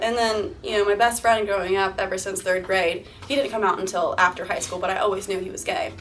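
A woman's voice: medium pitch, steady tone, fast talker, few pauses, a bit bright, faint music behind. A young woman in her twenties speaking candidly as a guest at a university talk, laughing often and acting out quoted lines. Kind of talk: interview-style talk to a live audience. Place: university lecture room. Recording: distant mic with faint room noise.

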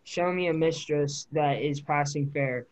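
A man reading verse from a play aloud in a slow, even recitation. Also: on the high side, rough recording.

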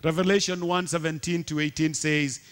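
A man's voice: a little high, fairly even intonation, normal speed. A man preaching a sermon with passion, repeating rhetorical questions to the congregation.

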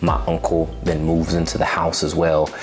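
A man's voice: rumbling low, moderate pace, music in the background. A young man telling a personal testimony, acting out his past words with rising emotion. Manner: animated retelling, acts out his own past voice. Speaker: storyteller sharing a personal testimony. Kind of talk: personal storytelling.

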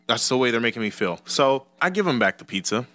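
A man's voice: medium pitch, big pitch swings, fast, fairly bright tone, faint music behind. A young man telling a casual, rambling story with profane, exasperated asides, as a storytime YouTuber.

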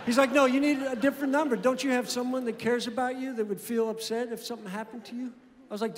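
A man performing a stand-up comedy set, telling deadpan stories and acting out both sides of phone calls. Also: extremely high pitch, fast talker. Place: comedy club stage. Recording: live club recording with long reverb and room noise. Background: audience laughter and room ambience.

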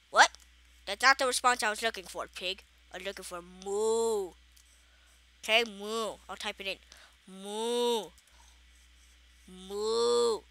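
Here a woman with a bright, pushed, mid-range voice hosts a gaming channel, casually commenting on her own Minecraft survival game. She chats to herself as she plays, sounding playfully exasperated.

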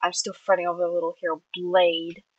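A woman voicing a fretting older brother in a storybook reading, quick to snap. The sound is dry and close. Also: fairly low pitch, completely flat delivery, no room sound, dull audio, close to an everyday voice. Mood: fretful. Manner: fretting, snappish. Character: fretful young man, protective older brother.

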